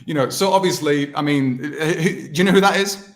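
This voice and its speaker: A British man in his thirties, slightly high-voiced and a little fast, chats casually on a video call as a guest impressionist. He rambles, pokes fun at himself, and restarts his sentences often.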